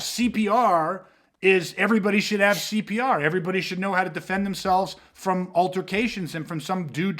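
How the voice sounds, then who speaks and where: A man with a somewhat high voice, talking in a loose, casual podcast chat. He teaches self-defense and rambles through his stories. He swears freely and keeps dropping fillers like "you know what I mean". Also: fairly bright tone.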